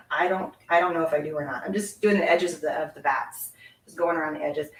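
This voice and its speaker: A woman's voice: lowish voice, expressive, quick pace. A middle-aged woman from Canada hosts a casual card-making demonstration, chatting and giggling as she works. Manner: chatty, giggly, talks while working. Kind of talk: casual live craft demonstration. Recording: echoey room, mic set at a distance.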